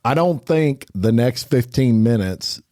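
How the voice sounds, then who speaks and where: A man's voice: mid-range voice, expressive, a little slow, mellow, dry recording, clean studio sound. A man hosting a podcast, reading crime news headlines and adding blunt opinions. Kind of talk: casual news reading with comments.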